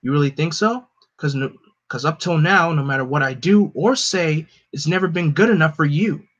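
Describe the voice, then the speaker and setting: A man's voice: fairly high pitch, normal speed, a bit bright. A man voicing an eager young male speedster hero who talks earnestly and takes things personally. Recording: dull lo-fi recording.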